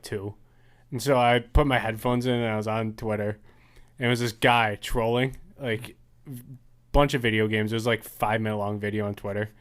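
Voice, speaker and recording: A young man co-hosting a casual podcast, telling animated stories and laughing through them. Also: medium pitch. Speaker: podcast co-host. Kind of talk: casual chat.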